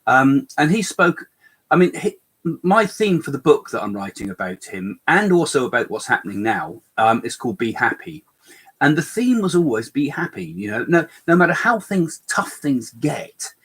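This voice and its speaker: A man's voice: mid-range voice, sing-song, moderate pace, fairly bright tone, breathy edge. An older man co-hosting a live chat, talking in a rambling way with many fillers and restarts, with a slight cough. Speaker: co-host medium.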